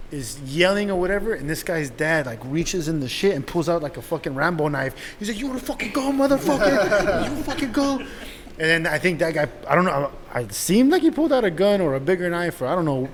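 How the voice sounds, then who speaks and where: A young man telling a story in a casual, animated and profane way, laughing as he goes. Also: on the high side, a little fast. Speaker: podcast host. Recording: echoey room with faint noise.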